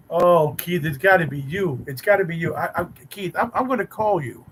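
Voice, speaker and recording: A man's voice: a little high, normal speed, fairly bright tone, slightly rough, rough recording. A man hosting a casual live stream, teasing and bantering sarcastically with his chat viewers.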